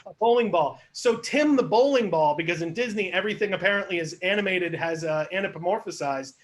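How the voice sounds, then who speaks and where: A man's voice: high voice, lively intonation, a little fast. A man hosting a live online improv show, narrating scenes and asking the audience for suggestions in a chatty, laughing way.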